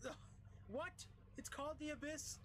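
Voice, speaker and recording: A man streaming a game, chatting casually, excitable, swearing and laughing often. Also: extremely high pitch, normal speed, noisy background. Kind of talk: casual gaming stream chat.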